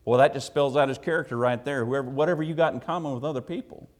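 A man preaching a sermon to his congregation, telling a personal story in a folksy, conversational way, with emphatic loud declarations and quiet, low asides. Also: steady tone, quick pace.

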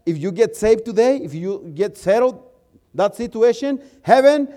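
A male preacher with a high voice, preaching and storytelling to his congregation. He is animated, stumbling over repeated words as his excitement builds. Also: unhurried. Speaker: preacher and missionary. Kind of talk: sermon storytelling.

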